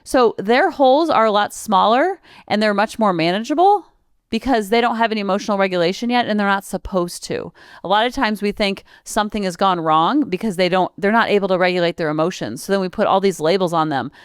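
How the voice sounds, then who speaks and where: A woman's voice: medium pitch, clear, resonant tone, no echo, clean studio sound. A woman in her forties hosting a parenting podcast, chatting casually and piling up long lists of examples. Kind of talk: casual solo podcast talk.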